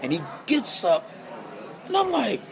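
A man's voice: very high voice, measured pace, a crowd in the background. A man telling stories in a podcast interview, acting out the voices of the people he quotes. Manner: animated storyteller, acts out quoted voices. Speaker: guest guitarist.

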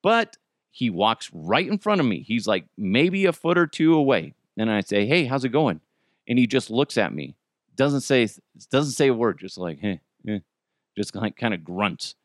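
A Cajun man hosting his own podcast, spinning gossipy, joking stories with the odd curse. His pitch jumps around animatedly from phrase to phrase. The sound is close and dry, with no room around him. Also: moderate pace, dry recording. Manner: animated, joking, profane storytelling. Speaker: podcast host. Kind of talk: casual comedic monologue.

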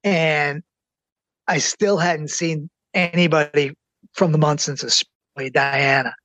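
Earnest middle-aged man, excitedly storytelling. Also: on the high side, dry recording. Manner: excited, earnest, slows down for emphasis. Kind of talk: personal anecdote.

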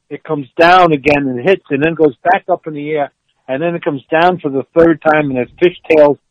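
Older male guest and storyteller, animated, acts out the quotes, dull and dry audio. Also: on the high side, no echo. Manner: excitable, acts out quotes, laughs mid-story. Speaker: former football player, guest.

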